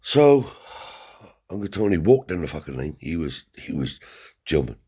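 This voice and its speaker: Husky deep-voiced man spinning a yarn. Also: normal speed. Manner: blunt, swears heavily, animated yarn-spinning. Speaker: storyteller. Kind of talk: casual spoken storytelling. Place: seated indoors.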